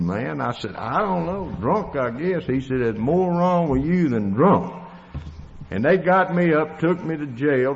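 A Southern man from Tennessee tells his own hard-luck story in a folksy, plainspoken drawl, his pitch sitting in an ordinary middle range. The recording is dull and lo-fi, and his voice rings with a long reverb as if he is speaking in a big hall. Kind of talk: storytelling testimony.

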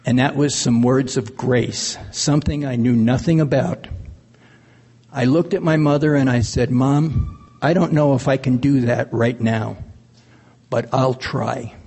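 Husky man telling his recovery story. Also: medium pitch, fairly even intonation, measured pace, a little mellow. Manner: earnest storytelling with laughs. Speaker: AA speaker. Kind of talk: recovery share, personal story. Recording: long hall reverb.

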